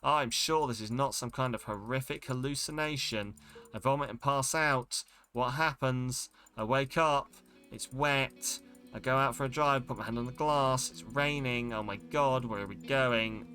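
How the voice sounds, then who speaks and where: A man's voice: medium pitch, normal speed, pushed and bright, faint music behind. A man streaming a game, reading its text aloud in a dramatic way and breaking off with startled exclamations. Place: home streaming setup.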